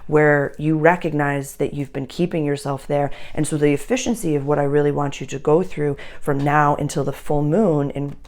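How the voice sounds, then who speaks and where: A woman's voice: low voice, flat delivery, normal speed, few pauses, darkish tone. A woman giving a casual astrology reading, talking straight to her listeners in a chatty, earnest way full of fillers and restarts.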